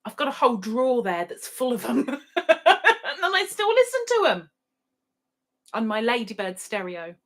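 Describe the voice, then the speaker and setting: A woman's voice: fairly high pitch, big pitch swings, normal speed, pauses often, fairly bright tone. A middle-aged woman hosting a livestream, casually chatting and reading out viewer comments with giggles. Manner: chatty, giggly, sings playfully. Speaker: livestream host.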